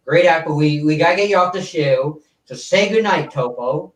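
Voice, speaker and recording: A man's voice: fairly high pitch, moderate pace, distant mic, lightly acted. A man doing an impression of an older male TV variety show host, with a stiff, stagey announcer delivery. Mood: showy. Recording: roomy, away from the mic.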